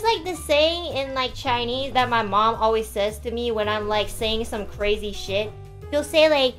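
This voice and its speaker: A young woman in her twenties tells a story to her stream, animated and exasperated, with frequent swearing. Her voice sits high. Faint music plays in the background. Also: moderate pace. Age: 20s. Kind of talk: casual storytelling to a live stream.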